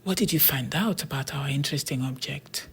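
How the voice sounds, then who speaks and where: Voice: medium pitch, brisk, fairly bright tone, slightly rough. A narrator doing a firm, cool boy twin. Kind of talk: storybook character voice.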